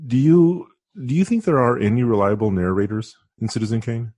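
A man's voice: mid-range voice, lively intonation, fairly quick, warm tone, no room sound. A man co-hosting a podcast, talking through a film thoughtfully with frequent hesitations. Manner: hesitant, many fillers and restarts. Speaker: podcast co-host. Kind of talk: casual film discussion.

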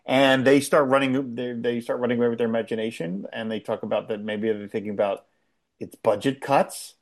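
A man in casual conversation, rambling and animated as he recaps a television episode, with frequent restarts. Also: medium pitch, quick pace. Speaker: podcast co-host. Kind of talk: casual chat.

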